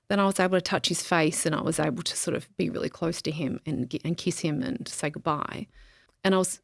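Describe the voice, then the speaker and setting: A woman speaks in a lowish, gravelly voice, telling a personal story as a podcast guest. She talks haltingly, often pausing, saying "um" and starting over. The sound is close and dry, with no room around it. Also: dry recording. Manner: halting, many ums and restarts. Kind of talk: emotional interview, personal story.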